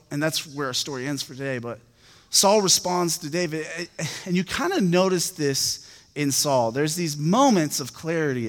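A young adult man preaching a sermon, reading scripture aloud and then retelling it in a loose, conversational way with casual asides. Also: on the high side. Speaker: pastor. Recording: long reverb from a large hall.

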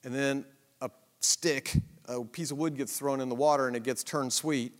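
A man's voice: medium pitch, fairly even intonation, moderate pace, long reverb tail. A man teaching a Bible survey lesson in a conversational, emphatic way, with rhetorical questions and asides.

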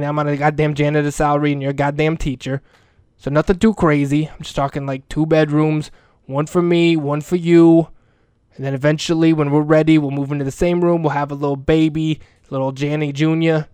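A man plays a crude, lovesick older school janitor who rambles on with earnest profanity in a comic monologue. The voice sits a little high and sounds smooth and resonant. It is recorded close and dry. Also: a little mellow, no room sound, close to an everyday voice. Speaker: comedic character monologue.

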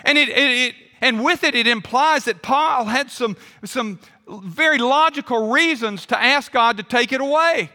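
A man's voice: very high-pitched, normal speed, few pauses, sharp tone. A man pastor preaching a conversational sermon, quizzing the congregation. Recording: long hall reverb.

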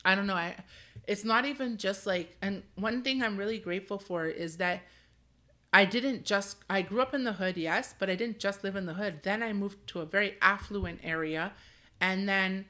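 A woman in her thirties hosts her own podcast, speaking candidly and loosely and laughing often. Her voice is bright and forward at a middle pitch. Her talk wanders as she thinks aloud. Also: moderate pace. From Canada. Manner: candid, rambling, laughs often, says "like" a lot. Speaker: podcast host. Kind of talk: casual solo podcast talk.

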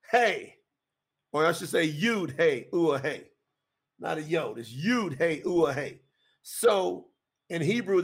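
A man teaching scripture on a podcast in a conversational, emphatic way, often repeating phrases. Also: fairly high pitch. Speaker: podcast preacher.

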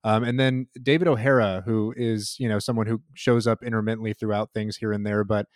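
A man's voice: fairly low pitch, level tone, a little fast, dry recording, studio quality. A man co-hosting a podcast, discussing a film in a hedging, filler-heavy way. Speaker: podcast co-host.

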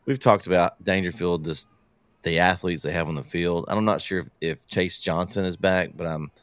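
Man, very low voice, dry close sound, laid-back football picks. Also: moderate pace, clean tone, no room sound. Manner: relaxed, hesitant with fillers. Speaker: podcast co-host. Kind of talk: casual sports chat.

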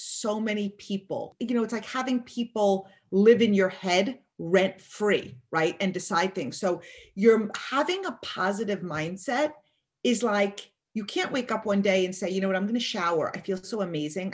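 Emphatic woman giving motivational talk. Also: lowish voice. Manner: emphatic, acts out quoted thoughts. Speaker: guest speaker.

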